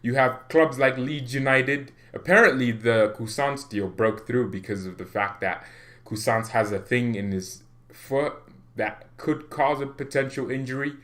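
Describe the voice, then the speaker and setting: A man's voice: medium pitch, fairly bright tone. A young man hosting a fan channel, giving casual, jokey football commentary and acting out mock phone calls.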